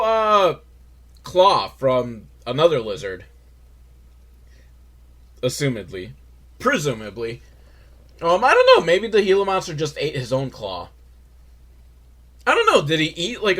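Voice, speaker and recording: A man hosting a comedic podcast, recapping a film with sarcastic, rambling asides. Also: a little high. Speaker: podcast host.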